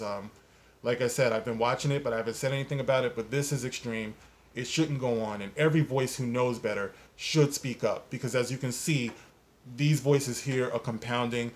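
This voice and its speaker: A man hosting a commentary video, talking in an indignant, emphatic way and rambling with fillers as he sounds off on an online controversy. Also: mid-range voice. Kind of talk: opinionated casual commentary.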